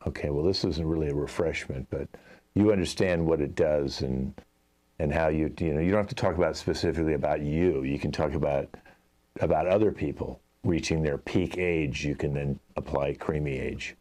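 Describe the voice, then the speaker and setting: A man's voice: extremely low pitch, normal speed, mellow. A man hosting a live improv show, playing an exasperated commercial director who talks at length with many fillers. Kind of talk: improv comedy scene.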